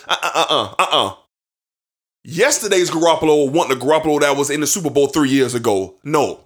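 A high, bright male voice that swings widely in pitch as he rants about football. He is a sports talk host in his thirties, passionate and heated, and at times he pushes up to a shout. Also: animated, fairly quick. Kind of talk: heated sports opinion rant.

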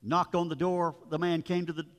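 A man's voice: on the high side, level tone, fairly quick. A man, a pastor, giving a sermon in a storytelling, conversational way, with asides to his listeners. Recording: long reverb of a large room.

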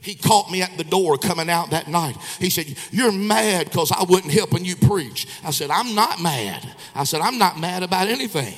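A man, an evangelist preaching a revival sermon, moving between quiet storytelling and shouted exhortation. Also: high-pitched, animated, normal speed, hardly any pauses, in a large hall. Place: church sanctuary. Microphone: handheld microphone.

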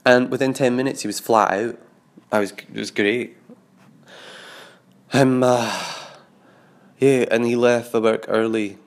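A man recording a confessional audio diary, expressive and sweary, mimicking sounds and other people's voices as he recounts events. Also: medium pitch. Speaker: diarist.

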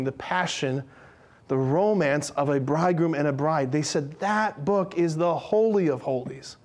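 A young man with a high, bright voice gives a spirited religious talk. He acts out the lines he quotes and banters with the people listening. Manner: animated, acts out quotes, jokes with audience. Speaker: speaker giving a talk. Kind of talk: lively Catholic teaching talk.

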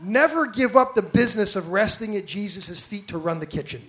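A man's voice: sits high, expressive, brisk, sharp tone. A man preaching a sermon, telling stories animatedly and acting out the people he quotes, asking the congregation direct questions. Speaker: pastor.

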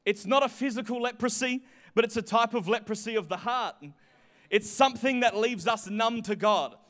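A man in his twenties preaching a sermon, animated, swinging between quiet stretches and loud emphasis. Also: very high voice, moderate pace. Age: 20s.

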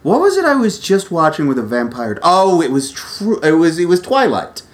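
A man's voice: a little high, huge pitch swings, normal speed. A man co-hosting a casual podcast, asking questions and reacting to the others. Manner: inquisitive, reacting. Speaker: podcast co-host. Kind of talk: casual chat.

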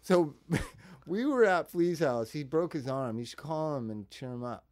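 A man in his fifties with a fairly high speaking voice for a man. He tells relaxed, chuckling anecdotes as a podcast guest. The feel is loose, casual conversation. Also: a little slow. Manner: easygoing, chuckling anecdote teller. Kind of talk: casual chat.

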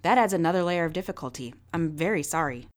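A woman voicing a stern, gray-haired archaeologist professor who speaks firmly and in a measured way, in a storybook reading. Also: fairly low pitch, expressive, lightly acted. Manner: firm and measured.

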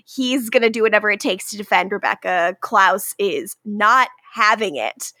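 A woman's voice: mid-range voice, normal speed, bright, forceful tone, dry recording, studio quality. A woman co-hosting a podcast, casually recapping an episode and acting out the characters' lines with plenty of swearing and laughter. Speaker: podcast co-host.

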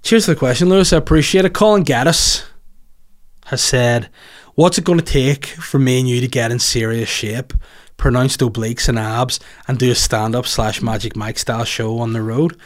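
A man's voice: mid-range voice, fairly even intonation, normal speed. Crude rambling man. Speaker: comedian answering listener questions. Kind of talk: casual podcast chat.

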